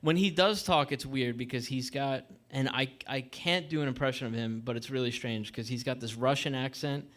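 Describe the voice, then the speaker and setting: A man's voice: medium pitch, normal speed, few pauses, a bit bright. A man in his thirties from Staten Island, co-hosting a podcast in casual chat, rambling through anecdotes and chuckling as he goes. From Staten Island, New York. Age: 30s. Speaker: podcast co-host.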